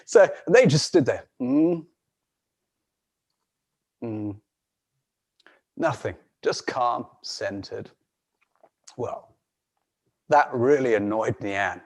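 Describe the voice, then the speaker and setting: A man telling a folk tale on a video call in an unhurried way, with frequent restarts and soft laughs. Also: fairly high pitch. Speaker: storyteller.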